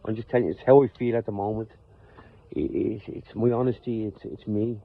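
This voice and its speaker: A man's voice: lowish voice, fairly even intonation, brisk, gravelly. An Irish man speaking straight to his phone outdoors, thinking aloud in a loose, unscripted monologue. He stumbles, repeats himself and restarts his phrases as he goes. The sound is thin and tinny, like a phone line. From Ireland. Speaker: vlogger. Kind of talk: off-the-cuff personal monologue.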